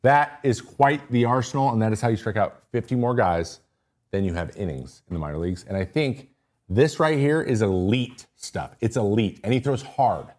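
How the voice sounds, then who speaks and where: A male podcast host giving a casual livestream breakdown of pitchers, excitable and easily sidetracked, often interrupting himself. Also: normal speed.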